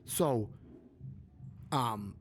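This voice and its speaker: A man's voice: mid-range voice, very slow, slight background noise. Rambling male podcast co-host. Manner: rambling, heavy use of "like". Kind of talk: casual political chat.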